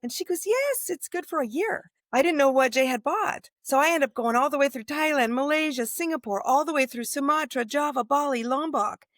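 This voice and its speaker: A woman's voice: sits high, a little fast, hardly any pauses, no room sound, studio quality. A woman in her fifties from the United States, a guest author telling travel stories in a casual interview and acting out the dialogue. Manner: animated storyteller, acts out quoted dialogue.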